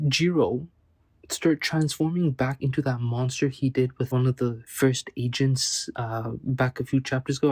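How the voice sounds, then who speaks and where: Male reviewer, laid-back slangy recap delivery, dry close sound, mid pitch. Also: darkish tone, no room sound. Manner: loose, slangy retelling full of "like" and "kinda"; often corrects himself mid-sentence. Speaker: manga reviewer. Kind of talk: casual chapter recap.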